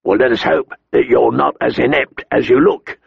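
A man narrating a story and voicing a cruel, mocking master-at-arms who speaks in a sharp, cold voice. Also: mid-range voice, fairly even intonation, normal speed, creaky, slightly rough, no echo, muffled recording, full character voice. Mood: cold taunting. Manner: taunting, mocking.

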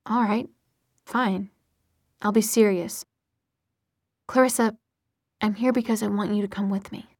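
A woman reading an audiobook, voicing a cocky, teasing young man who speaks smoothly and mockingly. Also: mid-range voice, fairly even intonation, unhurried, darkish tone, no room sound, studio quality.

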